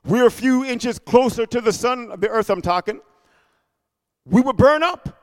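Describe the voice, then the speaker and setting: A man preaching a sermon, animated, with constant call-and-response amens and hallelujahs. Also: very high voice, a little slow. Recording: echoey hall.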